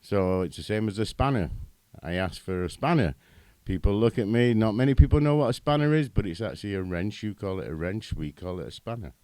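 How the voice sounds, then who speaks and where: A man's voice: lowish voice, brisk, few pauses, dry recording. A middle-aged British man, a guest in a casual interview, telling chatty anecdotes about his work and odd words. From Britain. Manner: chatty storyteller, animated anecdotes.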